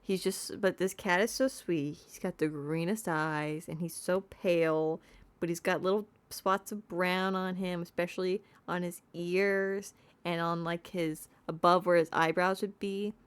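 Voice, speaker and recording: A woman's voice: lowish voice, fairly even intonation, measured pace, clear, resonant tone. A woman streamer chatting playfully while she plays a game and talks to her cat. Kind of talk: casual gameplay commentary.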